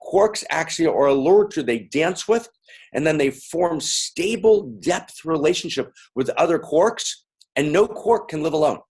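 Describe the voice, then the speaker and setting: A man's voice: fairly high pitch, lively intonation, a little slow, a little mellow, husky. A man giving a playful, interactive talk to a live audience, calling out to them and repeating lines. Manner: playful, repetitive, calling out to the crowd. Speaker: speaker.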